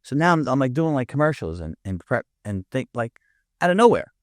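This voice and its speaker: A man's voice: mid-range voice, sing-song, brisk, no room sound, studio quality. A man telling a vivid, profane anecdote in a casual chat. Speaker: guest. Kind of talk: casual storytelling.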